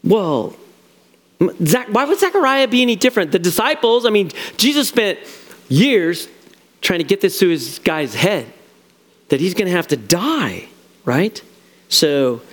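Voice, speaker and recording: A middle-aged man preaching a sermon in a conversational, animated way, acting out the quotes he tells. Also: high voice, long reverb tail. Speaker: pastor.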